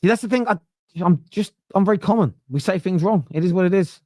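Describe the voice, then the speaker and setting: A man from London's East End with a Cockney accent, hosting a live football watchalong in a chatty, self-mocking way and breaking into shouted excitement at near misses. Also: high-pitched, fast talker, dry recording, clean studio sound. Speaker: watchalong host.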